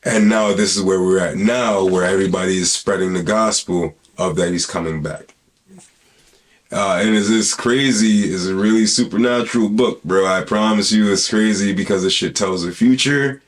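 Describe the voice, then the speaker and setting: A man's voice: on the low side, steady tone, normal speed. A man hosting a podcast in casual, rambling talk, full of slang and swearing. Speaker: podcast host.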